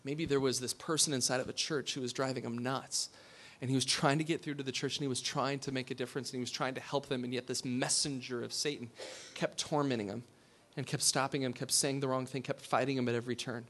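A fast-talking pastor with a mid-range voice and little pitch movement preaches with few pauses. In a conversational manner he asks the congregation questions and quiets to a hush for emphasis.

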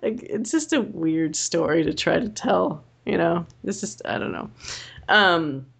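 Rambling, animated young woman. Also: on the low side, unhurried, gravelly, breathy edge. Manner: rambling, animated, swears freely. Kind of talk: casual chat.

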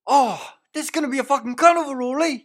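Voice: high-pitched, fast, lightly acted. A performer voices a blokey male rugby commentator who swears at every turn and tacks "eh" onto his sentences. He is loose and laddish, a comedy-sketch caricature of a sports broadcaster. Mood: cheerful. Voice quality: swears freely, tags lines with "eh". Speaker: lead commentator.

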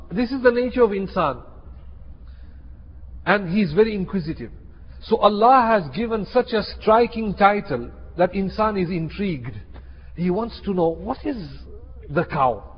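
Brief: husky, fairly high-voiced male preacher, animated storyteller, dull hall recording. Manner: animated, acts out characters in a story. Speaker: Islamic teacher. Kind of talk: sermon with storytelling.

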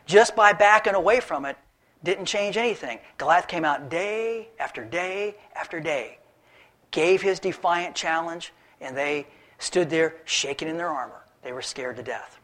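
A man preaching a sermon, retelling a Bible story in a lively, animated storytelling way. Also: on the high side. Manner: animated storytelling, acts out characters. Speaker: pastor.

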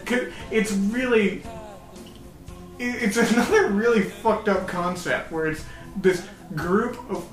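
A young man with a fairly high voice jokes his way through a loose podcast chat, swearing freely and breaking into laughter. The room rings with echo, and music plays clearly behind him. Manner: joking, swearing, quick laughs. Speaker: podcast co-host. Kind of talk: casual chat.

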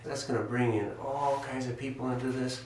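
Excitable man in a roomy space. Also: medium pitch, fairly quick, a little hiss or hum. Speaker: salon guest. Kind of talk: enthusiastic group conversation. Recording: roomy, distant mic with faint ambience.

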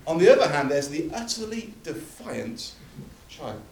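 A man's voice: on the high side, sing-song, measured pace, vocal fry. A man preaching a sermon, emphatic and building through repeated phrases, recorded from a distance in a church hall. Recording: echoey hall from far off.

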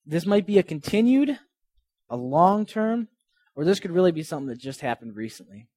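A man's voice: high-pitched, sing-song, brisk, dark tone, no room sound. A man giving an earnest, conversational sermon, retelling and reading Bible passages. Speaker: pastor.

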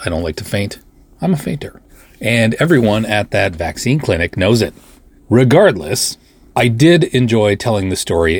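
A man's voice: sits low, dry recording. A middle-aged man hosting a podcast, talking casually in a self-deprecating, joking way. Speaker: podcast host. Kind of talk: casual monologue.

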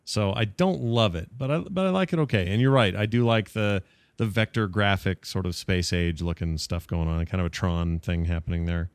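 A podcast host with a lowish voice, recorded close and dry with no room sound. He rambles along in a joking way, full of quick asides. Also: clear, resonant tone, no echo. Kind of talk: casual chat.

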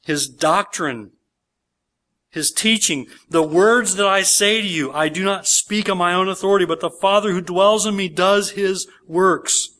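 Man, pastor, church sermon, somewhat high voice, emphatic scripture reading. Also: a little slow, pushed and bright. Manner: expository preaching, reading scripture aloud with emphasis.

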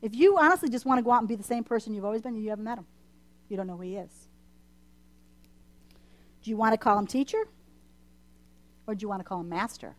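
A woman's voice: on the high side, animated, fast talker, long pauses. A woman preaching to a church congregation, impassioned and emphatic, repeating her points for force. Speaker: church speaker. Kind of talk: sermon. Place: church service.

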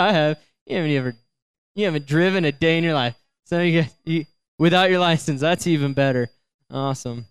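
A young man telling a funny personal story to a young audience, talking in a chatty, animated way, laughing often and filling in with "you know" and "like". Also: fairly high pitch, smooth, no room sound. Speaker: youth speaker.

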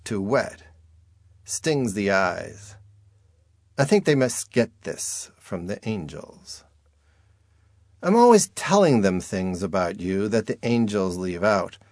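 A man reads an audiobook slowly and deliberately in a low voice. His first-person telling is dry and wry. The recording is close and dead, with no room around the voice. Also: very animated, darkish tone, dry recording. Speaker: narrator. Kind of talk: audiobook narration.

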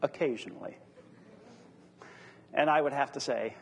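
A man's voice: medium pitch, steady tone, unhurried, long pauses, breathy edge, in a large hall. A middle-aged man leading a church class discussion, teaching earnestly through rhetorical questions.

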